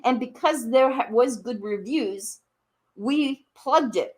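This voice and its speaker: This woman's voice is fairly high, slightly mellow, and slow as she rants heatedly on a live stream. She confronts someone directly and accusingly, repeating her questions, swearing, with her voice jumping up whenever anger takes over.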